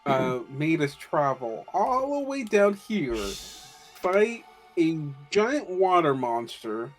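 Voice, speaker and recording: A man playing a tabletop game, complaining in an incredulous, animated way. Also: fairly high pitch, slow, soft background music. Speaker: player. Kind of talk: casual tabletop game chat.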